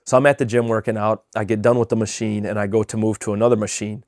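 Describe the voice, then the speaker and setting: Low-voiced man telling an earnest story. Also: flat delivery, fast, a little mellow, dry recording, clean studio sound. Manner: earnest storytelling with fillers and repeats. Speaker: vlogger giving weekly motivation. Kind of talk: casual motivational talk to camera.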